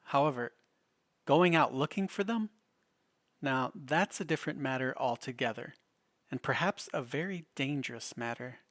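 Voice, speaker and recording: A male podcast host giving measured, musing scripted narration with a slightly ominous tone. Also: mid-range voice, a bit bright, no echo. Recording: dry close voice over faint guitar.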